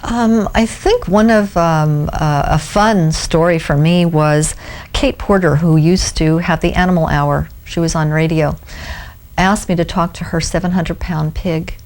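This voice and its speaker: A woman animal communicator telling an anecdote in a documentary interview, lively as she quotes others. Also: low voice, a little slow.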